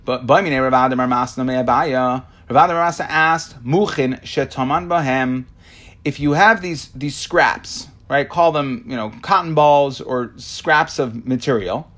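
A man's voice: medium pitch, unhurried, a bit bright. Man teaching Talmud with many restarts. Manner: explains with many restarts and fillers; reads Aramaic then translates. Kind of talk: Talmud class lesson.

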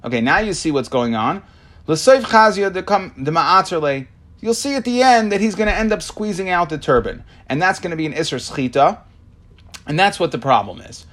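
A man's voice: high-pitched, animated, brisk, fairly bright tone. A man teaching a Talmud class, reading Aramaic lines and translating them, explaining with many fillers and restarts. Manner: reads Aramaic then translates.

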